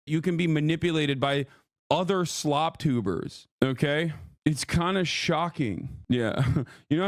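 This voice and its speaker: A man's voice: medium pitch, dry recording, studio quality. A man streaming live, angrily ranting with lots of swearing as he reacts to another creator. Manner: angry, profane, ranting. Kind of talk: heated reaction rant to live chat.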